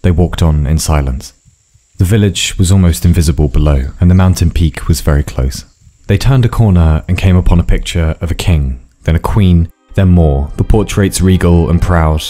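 A man reading a scripted story in a measured storytelling manner. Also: deep voice, warm tone. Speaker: narrator. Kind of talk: scripted narration. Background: faint music.

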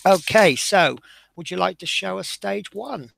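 A man's voice: sits high, unhurried, gravelly, a bit bright, no room sound. A man hosting a live model-building stream, chatting casually and self-deprecatingly as he talks through each step, sounding tired.

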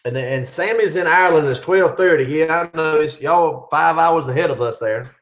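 Hosting a casual live chat, a middle-aged man reads viewer questions aloud and answers them in a chatty way. His voice is fairly high and a bit bright, at a normal speed.

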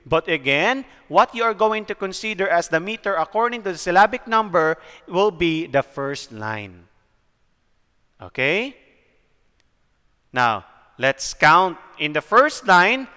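Slow, bright-voiced Cebuano-accented male teacher. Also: high voice, lively intonation, clean tone, long reverb tail. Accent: Filipino, Cebuano. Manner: slow, explanatory, checks in with "okay?". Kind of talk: recorded classroom lecture.

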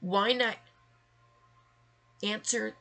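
A woman's voice: medium pitch, fairly even intonation, extremely slow, creaky, sharp tone. A woman vlogger delivering an emotional, angry rant to the camera, emphatic and full of swearing. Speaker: vlogger sharing her story.

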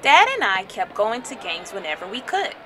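A woman reading a children's picture book aloud in an expressive storytelling style, raising her voice for the crowd's chants. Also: medium pitch, moderate pace, a little hiss or hum. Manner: dramatic, shouts crowd chants.

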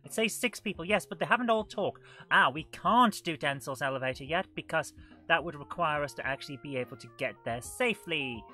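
A woman's voice: low voice, expressive, fairly quick, pushed and bright, faint music behind. A woman, chatting through a live retro game stream, self-mocking and greeting chat viewers. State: coughing and out of breath. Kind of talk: live gameplay commentary.

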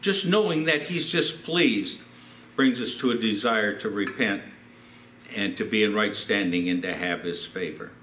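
A man's voice: lowish voice, a little slow, fairly bright tone, echoey room, a little hiss or hum. An older man, a pastor, telling personal stories in a sermon and acting out the quotes. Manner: storytelling with acted quotes. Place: church.

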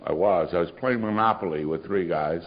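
A man's voice: low-pitched, fairly quick. An older man telling his recovery story to a meeting in a wry, sardonic way with dry humor. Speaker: AA speaker. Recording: muffled recording of a live talk.

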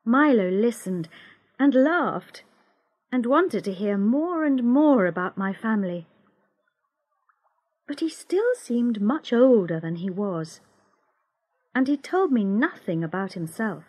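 A woman narrating a graded-reader story for English learners in a slow, clear, expressive way. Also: a little high. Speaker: audiobook narrator.

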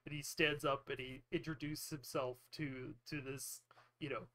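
A man's voice: a little high, level tone, normal speed, pushed and bright. A man narrating a tabletop game as game master, telling the story loosely with frequent giggles.

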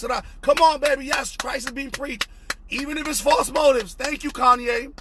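A young man preaching an impassioned online sermon, fervent and repetitive, often shouting, with a husky voice. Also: extremely high pitch, a little fast. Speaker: pastor.

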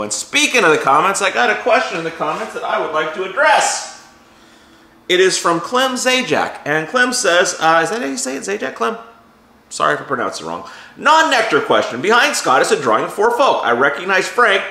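A man's voice: sits high, pushed and bright, echoey room. A man hosting his own gardening show, talking casually and folksily to his viewers. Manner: chatty, folksy, loose with restarts. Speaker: show host. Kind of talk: casual talk to camera.

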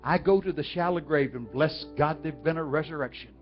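A man's voice: on the high side, fairly quick. A man from Texas with a Texan accent, preaching through folksy stories and asking the crowd questions. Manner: folksy, talks directly to the audience. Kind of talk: storytelling sermon. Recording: dull lo-fi with faint music.

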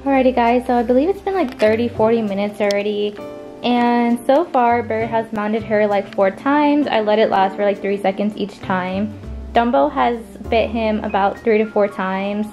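Young woman vlogger, tired and chatty, slightly high voice, faint music behind. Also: a little mellow, lo-fi sound. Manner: chatty, drawn-out fillers. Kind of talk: casual vlog updates.

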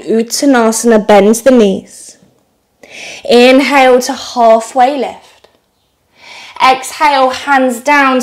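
A woman leading a yoga flow class, giving calm, encouraging cues timed to the breath and a little out of breath. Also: on the high side. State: slightly out of breath. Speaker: yoga instructor.

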